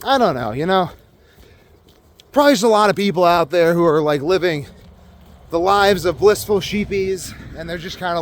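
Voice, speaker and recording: A man's voice: high voice, lively intonation, normal speed. A young man ranting to camera in a profane, emphatic monologue full of fillers. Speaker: vlogger.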